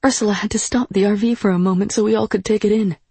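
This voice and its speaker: A narrator reading a first-person story aloud in an even, measured way, close on the mic. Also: medium pitch, creaky, slightly rough, no echo. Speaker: audiobook narrator.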